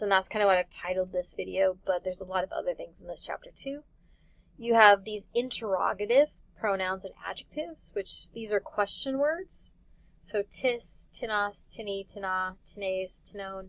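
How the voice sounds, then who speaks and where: A woman's voice: mid-range voice, no room sound, rough recording. Woman teacher explaining with dry sound. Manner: casual, patient step-by-step explaining with small laughs. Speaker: Greek teacher. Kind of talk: recorded classroom lecture.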